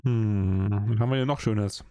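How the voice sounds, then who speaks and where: A man's voice: fairly low pitch, normal speed, warm tone, no room sound, studio quality. A man commenting casually on a video game as a let's-play host, sarcastic and joking.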